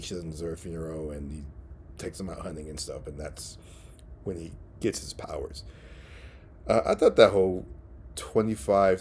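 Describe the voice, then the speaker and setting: A man giving a casual spoken movie review, relaxed and halting, with many fillers and restarts. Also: deep voice, a little hiss or hum.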